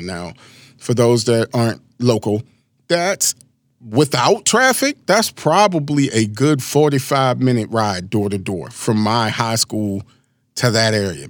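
Motivational speaker, 40s, male, from Maryland; lively, wide-ranging pitch, dry close recording. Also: dry recording. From Maryland, USA. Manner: animated, storytelling, frequent asides. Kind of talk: casual motivational talk.

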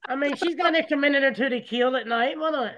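A man's voice: very high-pitched, fast talker, a bit bright, slight background noise. A man co-hosting a casual podcast, dropping crude wisecracks. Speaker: podcast co-host.

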